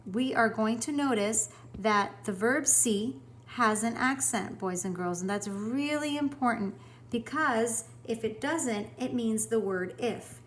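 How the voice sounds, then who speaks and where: A woman teacher records a lesson for her students, upbeat and encouraging. Her voice sits fairly high, and she speaks clearly, slowing down to model each example sentence. A faint hiss of noise runs under the recording.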